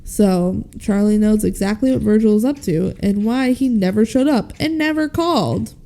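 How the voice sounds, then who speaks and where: A woman's voice: medium pitch, moderate pace. Chatty woman recapping a film. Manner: retells scenes, quoting characters in lively voices. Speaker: podcast co-host. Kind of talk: casual film recap chat.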